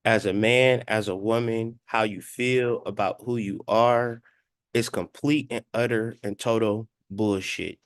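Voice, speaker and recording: Unhurried and steady in tone, a man in his thirties with a voice on the low side delivers a preachy monologue as a spiritual astrology commentator. The talk is blunt and profane, with quoted voices sometimes acted out, recorded in studio quality with no echo.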